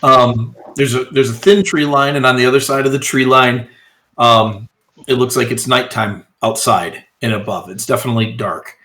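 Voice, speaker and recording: A man narrating as game master of a tabletop role-playing game, relaxed and hesitant with frequent pauses. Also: mid-range voice.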